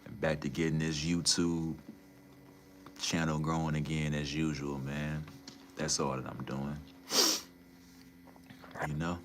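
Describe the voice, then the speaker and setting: A young man chatting casually on a livestream, animated and profane, swinging between low mutters and loud incredulous outbursts. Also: slow, pauses often, a little hiss or hum.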